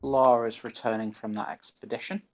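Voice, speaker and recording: A man's voice: medium pitch, steady tone, moderate pace, lo-fi sound, soft background music. A man with a Northern English accent giving live gameplay commentary, muttering to himself and reading game menu options aloud. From northern England. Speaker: gaming streamer.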